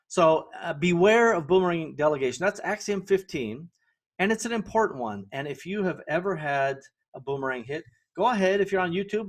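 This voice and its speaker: A middle-aged man hosting a podcast and giving a solo business lesson in a conversational way, often checking in with the listener. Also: fairly high pitch. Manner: conversational, keeps asking "right?" to the listener; self-correcting, with fillers and restarts. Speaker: podcast host.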